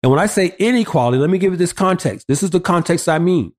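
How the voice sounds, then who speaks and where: A man's voice: high voice, expressive, fast talker. A man preaching emphatically on a talk show, citing scripture references and pressing rhetorical questions in a repetitive cadence. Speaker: pastor guest.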